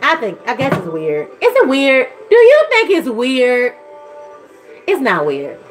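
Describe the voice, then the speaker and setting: A woman's voice: unhurried, soft background music. A woman, chatting casually to camera as a vlogger and mother, rambling and gushing. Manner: rambling and gushing, swings into high excited voices.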